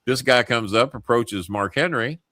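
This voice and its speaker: A man's voice: mid-range voice, moderate pace, sharp tone, no echo, clean studio sound. A middle-aged man hosting a talk show, telling a story in a rambling, profane, self-interrupting way. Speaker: host. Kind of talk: casual storytelling.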